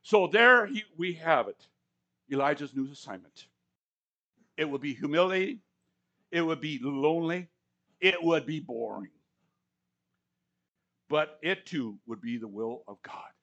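A man's voice: on the high side, animated, unhurried, pauses often, a bit bright, lo-fi sound. A man preaching a sermon to a congregation, conversational and anecdotal, often stammering and acting out quoted lines. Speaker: pastor. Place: church service before a congregation.

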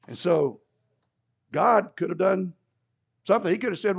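A man's voice: high voice, animated, moderate pace, vocal fry. A man preaching a sermon in a conversational way, with asides and dry humor, heard on a dull lo-fi recording. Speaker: pastor.

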